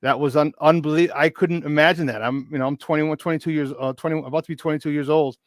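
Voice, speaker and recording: A man's voice: on the high side, fast, no room sound. Chatty man in his fifties, dry sound. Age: 50s. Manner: chatty, animated, with many restarts. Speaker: podcast guest. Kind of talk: casual storytelling.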